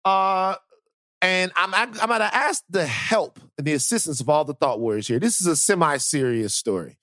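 A man hosting a podcast, telling stories in casual chat with lots of repeated words, sinking lower and softer when the story turns serious. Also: animated, normal speed, dry recording, studio quality. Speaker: podcast host.

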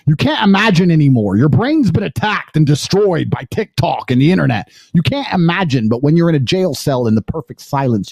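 A man in his thirties hosting a podcast, talking in a forceful, boastful, preaching way. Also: mid-range voice, no echo. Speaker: podcast host. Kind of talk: emphatic podcast monologue.

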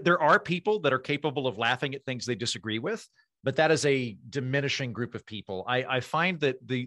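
Bright-voiced male comedian guest. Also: mid-range voice, no echo, studio quality. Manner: self-deprecating, stammering restarts. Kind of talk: casual interview chat.

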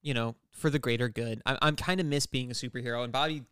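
A man co-hosting a podcast, a comics expert, recaps an episode in casual chat, rambling through comic backstory and often correcting himself mid-sentence. His mid-range voice is steady, fast, fairly bright, clear and resonant, with clean studio sound and no echo.

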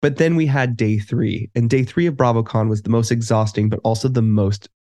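A man's voice: medium pitch, steady tone, fairly quick, mellow, no echo, studio quality. A man co-hosting a podcast in casual chat, eagerly jumping into the conversation. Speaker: podcast co-host.

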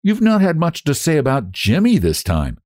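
A man's voice: a little high, huge pitch swings, moderate pace, a little mellow, dry recording, clean studio sound, pitched above the performer's own voice. A man voicing a bold, blunt young woman who talks brashly, in a storybook reading. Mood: eager.

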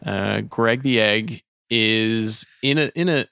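A man's voice: fairly low pitch, takes it slowly, creaky, pushed and bright, smooth, dry recording, clean studio sound. A man co-hosting a podcast, talking casually with wry, thoughtful asides. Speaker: podcast co-host. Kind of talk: casual chat about a TV episode.

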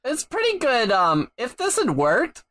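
A man's voice: very high voice, wildly swooping pitch, measured pace, bright, forceful tone, no echo. A man co-hosting a podcast, chatting casually with wry jokes and frequent laughter. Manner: wry, joking, laughs often. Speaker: podcast co-host.

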